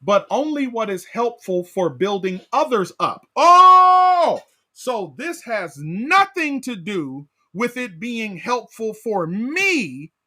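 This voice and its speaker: A man leading a Bible study as pastor, animated, asking his class questions and often tagging on "right?". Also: very high-pitched.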